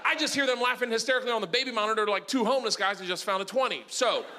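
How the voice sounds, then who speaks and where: A middle-aged man doing a stand-up comedy set on a club stage, telling a rowdy story loudly and acting out other people in high voices. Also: racing. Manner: loud, rowdy storytelling, acts out his daughters in high voices. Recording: live club recording with room noise.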